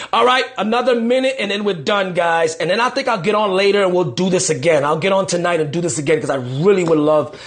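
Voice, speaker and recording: A male pastor from New York City chatting on a livestream, reading out viewers' comments with quick, repeated, upbeat affirmations. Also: sits high. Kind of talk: live-stream chat reading viewer comments.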